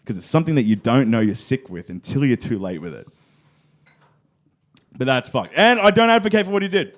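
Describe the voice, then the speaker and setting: A man's voice: mid-range voice, a little fast. A man, co-hosting a podcast and telling a long story in casual chat, acting out the voices of the people in it and swearing freely. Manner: animated, acts out quoted voices, heavy swearing.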